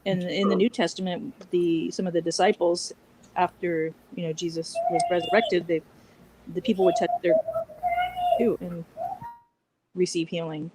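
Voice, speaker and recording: A woman's voice: lowish voice, fairly even intonation, normal speed, pauses often, background noise. A woman taking part in a casual group Bible study, thoughtfully drawing connections between passages.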